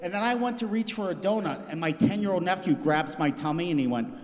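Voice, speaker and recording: Male comic in his 40s, lively higher voice, self-mocking live stand-up set, long reverb of a venue. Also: fast. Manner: animated self-deprecating storytelling. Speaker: stand-up comedian. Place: stage before a live audience.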